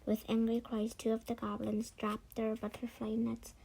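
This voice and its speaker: A woman reading a children's book aloud, unhurried, often stumbling and correcting herself. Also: fairly high pitch, completely flat delivery, vocal fry, dark tone, husky, poor audio. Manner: unhurried, with frequent slips and self-corrections. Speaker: read-aloud narrator.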